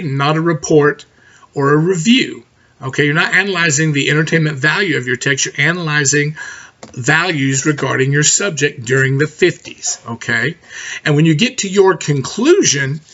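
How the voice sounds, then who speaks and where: Middle-aged male instructor, fairly high voice, quick conversational lecture, dull lo-fi recording. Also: fairly bright tone. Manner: fast, conversational, direct with frequent "okay?" checks. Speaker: college writing instructor.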